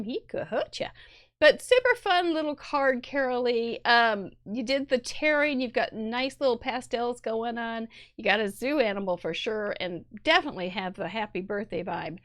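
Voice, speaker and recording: A middle-aged woman with a Midwestern American accent hosting a live crafting show, chattily reviewing viewer cards with puns and restarts. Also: on the high side. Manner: chatty and punny, rambling with restarts.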